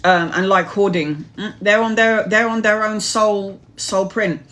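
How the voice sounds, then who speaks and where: A woman's voice: mid-range voice, fairly even intonation, measured pace, a bit bright. A woman reading tarot on a live stream, answering chat questions in a rambling, earnest way. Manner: rambling, earnest, advice-giving. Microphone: phone or webcam live stream.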